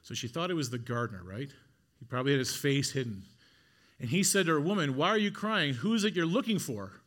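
A man preaching a sermon, retelling a scripture story dramatically, dropping to a hush and then building to emphatic repeated phrases. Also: a little high, animated, fast.

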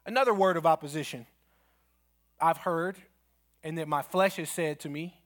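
A man's voice: a little high, moderate pace, pauses often, a bit bright. A man preaching a sermon as pastor in a church, telling stories and leading a prayer. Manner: storytelling with acted quotes, ends in prayer.

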